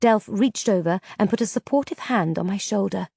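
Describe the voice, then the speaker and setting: A woman narrating a fantasy novel in the first person with steady storytelling. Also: medium pitch, normal speed, gravelly, husky, dry recording, clean studio sound. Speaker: audiobook narrator.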